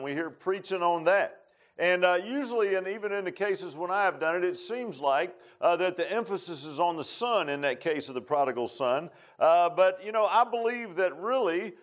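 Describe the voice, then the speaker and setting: A man preaching a sermon, reading scripture in old wording, then praying and talking with many "uh"s. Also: on the high side.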